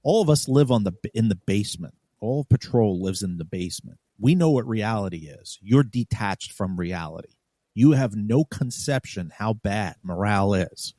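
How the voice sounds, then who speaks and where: A man's voice: on the low side, expressive, normal speed, warm tone, no room sound, clean studio sound. A man from New York, a podcast co-host, telling a story bluntly and with profanity, acting out the dialogue. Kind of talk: casual storytelling.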